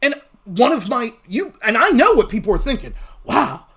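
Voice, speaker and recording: A man hosting a casual livestream, talking fast with a blunt, profane manner. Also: very high-pitched, very animated, a bit bright, slightly rough. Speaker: livestream host.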